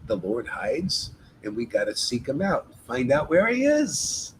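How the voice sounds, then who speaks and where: A man's voice: medium pitch, wildly swooping pitch, measured pace, a little hiss or hum, poor audio. A man leading a devotional meetup, giving an informal spiritual talk in an emphatic, exhorting way and often addressing listeners as "man".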